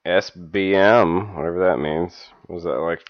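Dry-humored low-voiced man on a podcast. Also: unhurried. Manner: dry, reads ads aloud with wry asides. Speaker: podcast co-host. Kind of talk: casual comedic podcast chat. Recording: dull lo-fi podcast audio.

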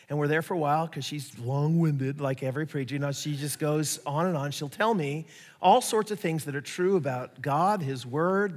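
A man preaching a sermon, telling stories in a lively way and acting out the voices of the people he quotes. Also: fairly high pitch. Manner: animated storytelling, acts out quoted voices. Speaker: pastor. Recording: echoey hall reverb.

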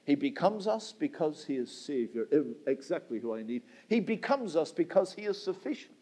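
A middle-aged man with a Northern Irish accent preaches an evening church sermon in a notably high voice. His delivery swells and drops in a steady preaching cadence, and he keeps turning to the congregation as "my friend". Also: normal speed. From Northern Ireland. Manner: rising and falling preaching cadence, repeats "my friend". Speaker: visiting preacher.

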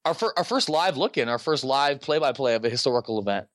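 A man hosting a podcast in casual chat, excitable and joking, with quick asides. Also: medium pitch, no room sound, clean studio sound. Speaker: podcast host.

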